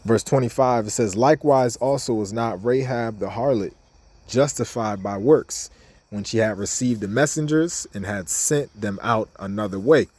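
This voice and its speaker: A man's voice: medium pitch, moderate pace, darkish tone. A man giving an informal scripture lesson in a casual, repetitive way, reading verses aloud between his own comments. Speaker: bible teacher.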